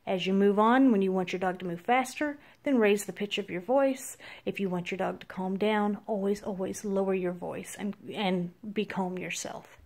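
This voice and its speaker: Calm woman dog trainer explaining. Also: medium pitch. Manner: calm, explanatory, with many pauses and fillers. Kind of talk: instructional how-to talk.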